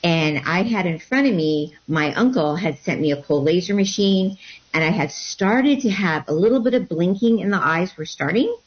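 A woman guest telling a personal story in an interview, animated and acting out what people said. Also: fairly low pitch, normal speed. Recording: dull lo-fi sound.

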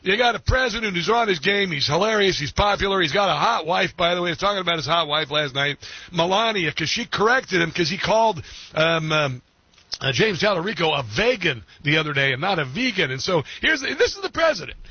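A middle-aged man hosting a talk radio show, animated and mocking, often laughing. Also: sits high, fairly quick, husky, no echo. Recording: dull lo-fi broadcast sound.

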